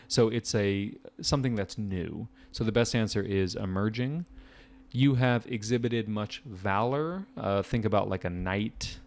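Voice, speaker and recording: An American man teaching a casual vocabulary lesson as a test prep tutor, chatty and relaxed with jokey asides. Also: fairly low pitch, creaky.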